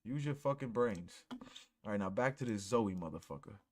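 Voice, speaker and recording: A man's voice: on the low side, animated, normal speed. A man hosting a reaction show, ranting bluntly and mocking what he watches. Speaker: podcast host reacting to clips. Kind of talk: profane reaction commentary.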